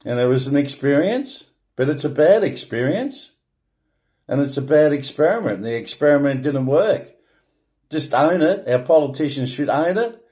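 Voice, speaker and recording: An Australian man talking in a loose, rambling monologue, blunt and opinionated, with swearing and frequent restarts. His voice is mellow and darkish, sitting at an ordinary male pitch. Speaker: vlogger.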